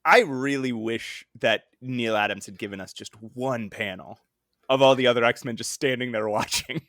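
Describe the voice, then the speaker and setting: A man's voice: medium pitch, moderate pace, a bit bright, dry recording, studio quality. A man co-hosting a comics podcast in casual chat, laughing often and acting out quoted lines. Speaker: podcast co-host.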